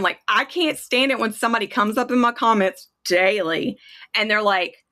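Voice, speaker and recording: This woman, a kratom advocate on a livestream, rants angrily and profanely in casual conversation, clearly worked up. Her pitch is fairly high, her delivery sing-song and bright with a forceful edge, and her pace is moderate.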